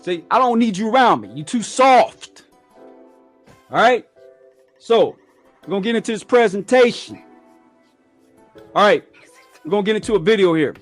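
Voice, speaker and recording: Blunt, profane man, high voice. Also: animated, moderate pace, long pauses, faint music behind. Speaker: show host. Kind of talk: casual profane talk show rant.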